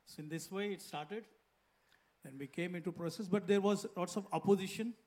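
A man's voice: high voice, brisk, a little mellow. A middle-aged man from India with an Indian accent, English not his first language, earnestly telling his testimony as a guest pastor into a handheld mic. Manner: simple, earnest storytelling. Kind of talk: personal testimony in an interview. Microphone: handheld microphone.

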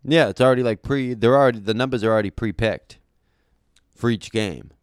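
Laid-back guy running a sports podcast, smooth clear voice, dry close sound. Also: mid-range voice, a little fast, no echo. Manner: easygoing, steers the segments. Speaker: podcast co-host. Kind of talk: casual sports chat.

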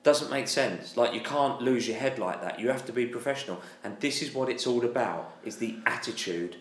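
A man's voice: medium pitch, moderate pace, fairly bright tone. A man co-hosting a fan podcast, giving blunt, firm opinions in casual chat about a football match. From England. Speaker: podcast co-host. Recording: roomy echo.

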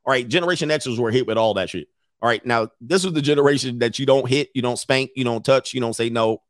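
This middle-aged man talks fast in a medium-pitched voice, reading an article aloud and tossing in casual, profane commentary. He's blunt and animated, laughs a lot, and keeps lapsing into mocking impressions. The studio-quality recording has no room sound.

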